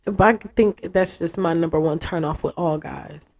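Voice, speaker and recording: Woman, husky, mellow, casual storytelling, animated. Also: lowish voice, normal speed. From United States. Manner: animated, acts out quotes, frank and profane. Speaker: interviewee.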